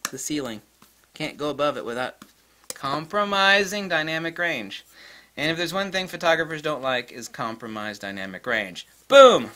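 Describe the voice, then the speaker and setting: This middle-aged photography video host has a slightly high, bright voice with a forceful tone. He delivers a blunt, emphatic solo tech rant, returning again and again to his main points.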